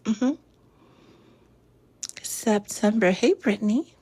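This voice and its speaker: A woman hosting a spiritual livestream, greeting viewers by name with drawn-out hellos and slipping into soft whispered affirmations. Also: medium pitch, husky. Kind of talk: casual livestream chat.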